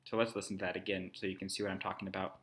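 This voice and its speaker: A man narrating a screen-recorded tutorial, explaining calmly and step by step. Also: sits low, rapid-fire. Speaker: language instructor.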